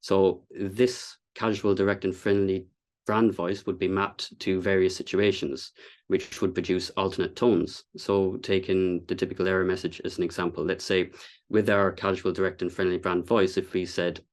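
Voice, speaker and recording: Low-voiced man explaining design casually. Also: flat delivery, normal speed. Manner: explanatory, casual, many fillers and restarts. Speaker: content designer giving a talk. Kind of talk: presentation to a meetup audience.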